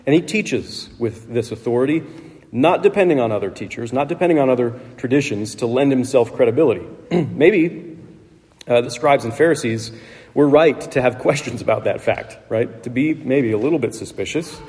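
Male preacher, sermon, conversational asides, mellow dark voice, long hall reverb. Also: mid-range voice, animated, normal speed. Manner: conversational, with asides and light laughs.

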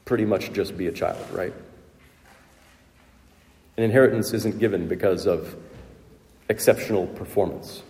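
A man's voice: sits low, normal speed, long pauses, darkish tone, in a large hall. A man preaching a sermon as pastor, earnest and emphatic, often asking rhetorical questions. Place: church sanctuary.

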